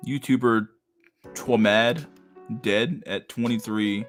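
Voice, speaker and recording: Young man, livestream host, low voice, crude, profane, casual chat. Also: takes it slowly, faint music behind.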